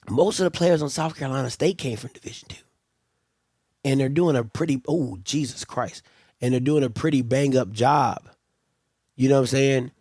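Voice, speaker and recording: Exasperated rambling man with a creaky voice. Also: mid-range voice, no echo, clean studio sound. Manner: rambling, exasperated, repeats himself. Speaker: livestream host. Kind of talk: casual sports commentary.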